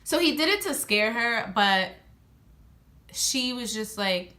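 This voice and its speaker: Young woman vlogger, storytime to camera, unhurried delivery, bright tone, lots of "like". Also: on the high side. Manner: animated, heavy use of "like", acts out friends' lines. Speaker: beauty vlogger. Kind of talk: casual storytime monologue.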